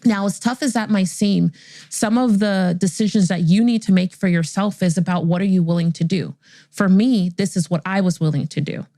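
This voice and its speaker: A woman's voice: medium pitch, normal speed, no room sound. A woman in her forties hosting a podcast, telling a personal story and acting out the voices of the people in it. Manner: animated, acts out the voices in her stories. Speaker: podcast host. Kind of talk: storytelling monologue.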